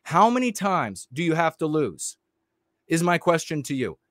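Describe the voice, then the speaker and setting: A man's voice: a little high, very animated, normal speed, fairly bright tone, no room sound, studio quality. A man ranting as a political commentator in a livestream. He talks bluntly and heatedly, stopping and restarting often with fillers.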